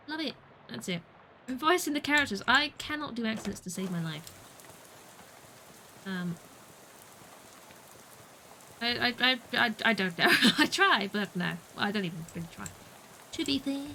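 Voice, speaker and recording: A woman's voice: medium pitch, expressive, moderate pace, long pauses, pushed and bright, a little hiss or hum, poor audio. A woman chatting playfully through a video game on a livestream, muttering to herself and playing with words. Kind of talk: gaming livestream commentary.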